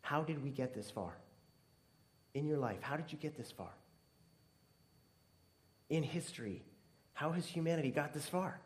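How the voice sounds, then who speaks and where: Earnest male preacher, emphatic then hushed. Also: fairly high pitch, expressive, moderate pace, pauses often. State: near tears at times. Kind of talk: sermon.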